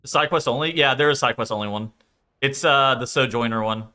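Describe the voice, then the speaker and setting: A man's voice: mid-range voice, brisk, sharp tone, clear, resonant tone. A man chatting casually on a game stream, rambling, swearing freely and laughing often.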